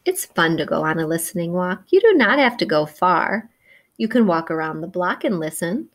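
A woman reading a picture book aloud to young children, gentle and encouraging, chatting about the pictures and imitating the story's sounds. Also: lowish voice, big pitch swings, moderate pace. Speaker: children's read-aloud presenter.

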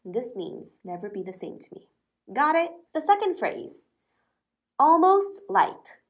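A woman teaching an English lesson, speaking slowly and clearly and spelling words out letter by letter. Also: high voice.

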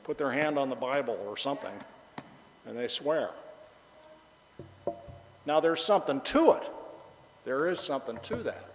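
A man's voice: mid-range voice, animated, normal speed, long pauses, big-room sound, a little hiss or hum, rough recording. A male pastor preaching a conversational sermon, chatty and joking, bantering with the congregation.

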